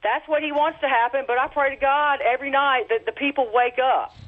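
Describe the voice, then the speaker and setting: A woman calling in to a radio show, talking in a halting, hesitant way with many pauses. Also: high voice, steady tone. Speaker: caller. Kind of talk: call-in radio chat. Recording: tinny phone line.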